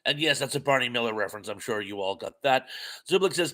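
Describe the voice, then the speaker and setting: A man's voice: medium pitch, fast. An older man from New England hosting a live stream, reading the chat and rambling through stories on a headphone mic. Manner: chatty, rambling storyteller with lively swings. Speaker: livestream host reading chat.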